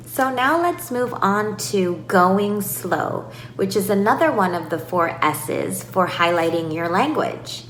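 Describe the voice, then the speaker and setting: A woman teaches parents in a slow, measured voice, setting out each point clearly. She sounds like a speech therapist explaining a technique. The room has a noticeable echo, with a faint hiss behind her voice. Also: mid-range voice. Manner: calm, clear explaining with exaggerated demonstrations. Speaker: speech-language pathologist. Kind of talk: instructional talk for parents. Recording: echoey room with faint noise.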